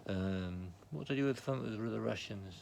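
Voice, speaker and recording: A man's voice: lowish voice, moderate pace, creaky, background noise. A British man vlogging about his painted miniatures in his home office, chatty and self-mocking, often muttering asides. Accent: British English. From Britain. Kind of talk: rambling casual show-and-tell.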